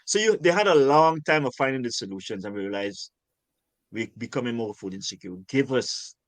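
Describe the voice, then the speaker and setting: Older man from Guyana, interview guest; passionate, emphatic, repeats himself for stress; medium pitch, dry recording. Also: animated, brisk, no echo. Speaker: urban farmer and guest. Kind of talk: conversational interview.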